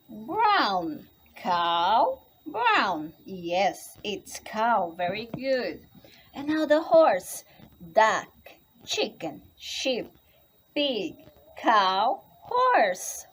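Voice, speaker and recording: Slow, lively-voiced woman teaching children. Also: on the high side, breathy edge. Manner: teacherly, slow and exaggerated, quizzing the listener. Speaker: English teacher. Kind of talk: slow, sing-song spelling lesson for young children.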